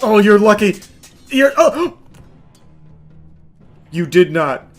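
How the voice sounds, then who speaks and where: A man doing let's play commentary, shouting and swearing at the game and then dropping to low, dry asides. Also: big pitch swings, slow, faint music behind. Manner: drops to low, dry asides between outbursts. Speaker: gaming streamer.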